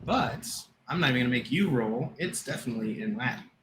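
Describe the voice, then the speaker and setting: A man narrating as game master of a tabletop game, relaxed and often laughing as he describes scenes. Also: mid-range voice, fast talker, background noise.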